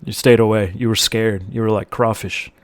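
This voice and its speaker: A man's voice: fairly low pitch, steady tone, a little fast, no echo. A man co-hosting a podcast, speaking casually with wry, teasing, crude humor. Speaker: podcast co-host. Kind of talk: casual chat.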